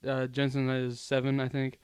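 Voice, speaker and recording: A man's voice: medium pitch, completely flat delivery, moderate pace, a little mellow, smooth, no room sound. A young man co-hosting a podcast, telling a story in casual chat and laughing often. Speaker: podcast co-host.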